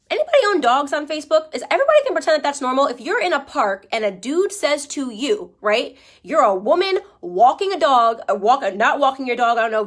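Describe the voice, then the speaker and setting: A young woman talks straight at her audience, emphatic and argumentative. Her voice sits on the higher side, and she keeps pressing with "okay?" as she lays out her case. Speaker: commentator. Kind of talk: opinionated commentary.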